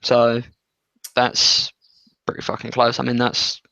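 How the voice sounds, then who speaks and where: A man's voice: mid-range voice, monotone, slow, vocal fry, sharp tone, no room sound, dull audio. A young English man co-hosting a podcast, chatting casually and rambling, swearing and laughing often. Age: young adult. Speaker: podcast co-host. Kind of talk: casual chat.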